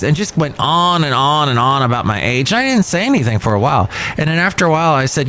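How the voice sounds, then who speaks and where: A man's voice: on the high side, sing-song, fairly quick, fairly bright tone, a little hiss or hum. A man in his fifties hosting a podcast in a rambling, conversational manner, with frequent restarts. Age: 50s. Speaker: podcast host. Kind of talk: casual chat. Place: cafe.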